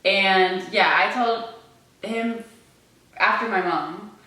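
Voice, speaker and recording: Rambling young woman, bright echoey voice. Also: medium pitch, slow pace, recorded from a distance. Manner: rambling, restarts her sentences. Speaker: vlog co-host. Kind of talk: casual storytelling to camera. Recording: echoey room, away from mic.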